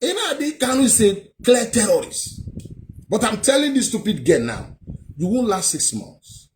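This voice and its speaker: A man's voice: sits high, very animated, a little slow, a little hiss or hum. A man, delivering heated, scornful commentary with rhetorical questions. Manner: scornful, lectures the viewer with many rhetorical questions. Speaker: vlogger.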